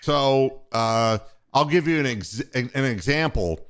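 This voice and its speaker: A man's voice: mid-range voice, lively intonation, a little slow. An older man hosting a casual sports talk show, telling rambling, profane stories from his years running a radio station. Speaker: podcast host and former radio station boss.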